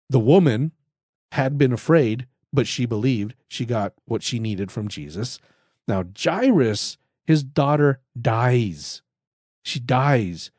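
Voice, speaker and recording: A man's voice: mid-range voice, lively intonation, measured pace, a little mellow, no room sound, studio quality. A man giving earnest, conversational Bible teaching on a podcast, repeating himself and restarting phrases as he goes. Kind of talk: casual spoken Bible teaching.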